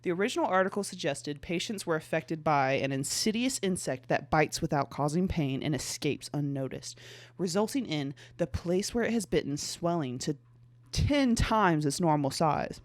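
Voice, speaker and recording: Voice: medium pitch, lively intonation, moderate pace, no room sound. A young adult podcast host in casual chat, reading passages aloud, often stumbling and restarting and dropping in a lot of "like.".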